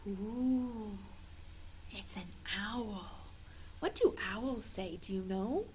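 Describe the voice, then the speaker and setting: A woman's voice: medium pitch, drawn-out words, slight background noise. A woman reading a picture book aloud to toddlers as a children's librarian, playful and sing-song, coaxing the little ones to join in.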